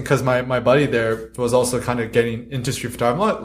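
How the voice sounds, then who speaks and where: Guy telling stories on a podcast, animated, does little voices for people, laughs a lot. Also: mid-range voice, quick pace. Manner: animated, laughs often, acts out quotes. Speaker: guest street photographer. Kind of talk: casual podcast storytelling.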